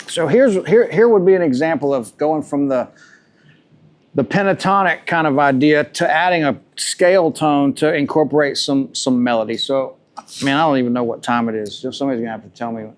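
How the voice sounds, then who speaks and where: A man's voice: on the high side, fairly quick. A man teaching a live guitar masterclass, talking loosely and repeating himself as he thinks aloud between demonstrations. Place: room with a live audience. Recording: guitar music loud behind the voice.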